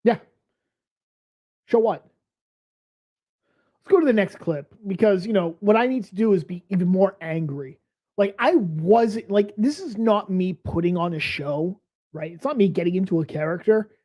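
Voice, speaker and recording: A man's voice: high-pitched, expressive, moderate pace, pauses often, dark tone. A man hosting a reaction stream, ranting angrily and swearing, a little tipsy. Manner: angry, profane ranting. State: tipsy from beer. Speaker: stream host.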